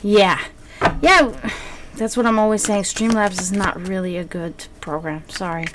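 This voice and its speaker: A woman's voice: medium pitch, a little slow, crowd noise. A woman streamer chatting casually with her viewers, rambling with many fillers and restarts.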